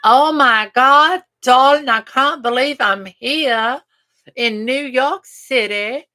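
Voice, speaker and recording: Man puts on a high, slow, gushing posh tourist, mock British, theatrical. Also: pushed and bright, exaggerated voice. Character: posh glamorous starstruck British-sounding tourist.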